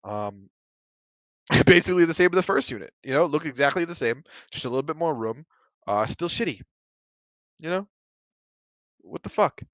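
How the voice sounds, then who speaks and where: A man with a higher-pitched, slightly bright voice speaks a little fast but pauses often, sounding expressive in a dry recording. As host of a casual solo podcast, he talks bluntly and profanely, spiraling into heated rants filled with "you know" and "like."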